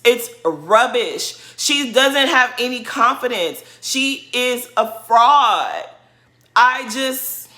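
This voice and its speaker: This woman, a reality TV commentary vlogger, rants casually and indignantly, hammering each point through repetition and imitating quoted people in mocking voices. Her pitch is medium, and her voice sounds pushed and bright.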